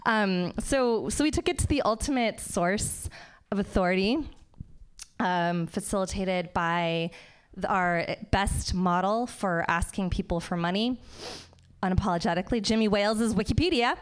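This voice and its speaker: Wry woman stand-up with smooth voice. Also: medium pitch, normal speed. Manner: wry, building to animated mock outrage. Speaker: stand-up comedian. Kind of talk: stand-up set.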